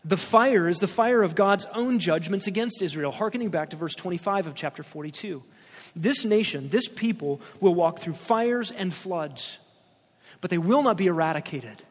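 A man's voice: high voice, expressive, normal speed, in a large hall. A male pastor preaching an expository sermon, emphatic, reading scripture aloud with rising stress.

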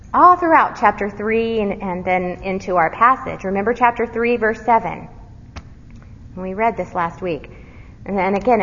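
A woman giving verse-by-verse Bible teaching, earnest, quizzing her listeners and dropping to a soft, low voice on key words. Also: breathy edge. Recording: dull recording with long hall reverb.

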